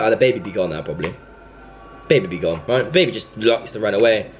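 With a lowish, expressive voice and a fairly quick pace, a young gaming YouTuber comments on the horror game he's playing. Slight background noise sits under his panicky, jumpy reactions and his scolding of the game baby.

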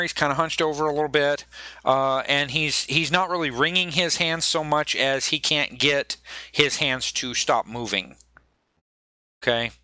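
A man runs a tabletop game, narrating in a loose, rambling style. His voice is bright and slightly high. The sound is dry and close. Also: smooth, no room sound. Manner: loose, rambling, many fillers and restarts. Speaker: game master.

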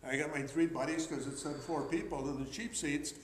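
A man's voice: on the high side, steady tone, fairly quick, reverberant, slight background noise, poor audio. A man in his sixties telling rambling, chatty anecdotes to an audience, with restarts and uh's along the way. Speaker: memorabilia collector giving a talk. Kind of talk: anecdotal storytelling talk to an audience.

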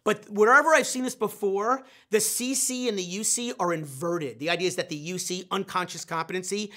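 A man hosting a sales training talk, animated and self-deprecating, acting out his own inner voice. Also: high-pitched, a little fast. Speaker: sales trainer and show host.

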